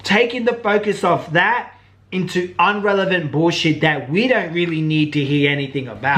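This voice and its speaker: A man's voice: fairly high pitch, fairly bright tone. A man hosting a commentary channel, talking bluntly and casually. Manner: blunt, casual, says "bro" and "like".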